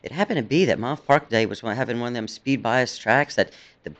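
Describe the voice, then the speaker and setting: A man's voice: medium pitch, fast, a bit bright. A middle-aged man from New Jersey, a jockey guest chatting loosely and laughing often in a radio interview.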